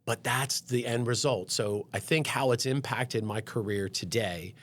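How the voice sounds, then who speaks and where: A man in a studio, a dental education director guest on a podcast, telling lively stories and acting out the people he quotes. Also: medium pitch, unhurried. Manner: animated storyteller, acts out quoted voices. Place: company TV studio.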